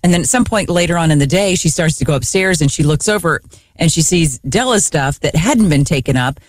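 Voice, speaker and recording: Lively woman co-hosting a radio chat. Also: deep voice, fairly quick, no echo, studio quality. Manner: animated, laughing, mimics her kids. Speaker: radio co-host. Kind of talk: casual chat.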